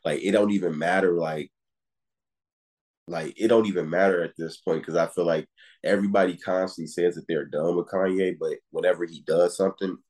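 Podcast co-host, man, very low and husky voice, loose rambling chat. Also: fairly even intonation, a little fast, a little mellow. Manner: rambling, repeats "it's just like" and "you feel me". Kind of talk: casual chat.

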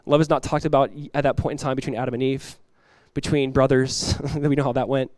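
Animated preaching man with a dry sound. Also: mid-range voice, fairly quick, no room sound. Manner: animated preaching, acts out quoted voices, laughs. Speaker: pastor. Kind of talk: sermon. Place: church.

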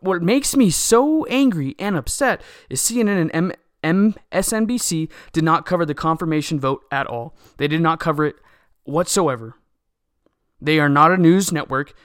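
A man's voice: a little high, moderate pace, a bit bright, clear, resonant tone, no room sound, studio quality. Agitated young man ranting. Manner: agitated and indignant, repeats words and restarts. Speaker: political commentator. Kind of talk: solo opinion rant.

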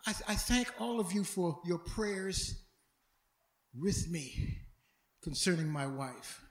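High-voiced preacher in an echoey church. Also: male voice, lively intonation, slow. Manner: dramatic, swinging from loud shouts to hushed tones; stumbles and repeats words as he talks. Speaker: pastor. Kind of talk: sermon.

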